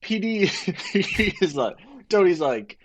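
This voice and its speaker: A young man co-hosting a podcast, who laughs often and retells events with excitement. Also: high-pitched, unhurried, slight background noise. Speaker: podcast co-host. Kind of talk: casual chat. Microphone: podcast microphone.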